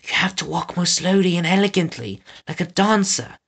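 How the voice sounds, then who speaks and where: A man's voice: sits high, lively intonation, normal speed, vocal fry, fairly bright tone, husky, voice pushed up, heavily acted. A man voicing a prim, bossy young girl who lectures on manners. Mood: lecturing.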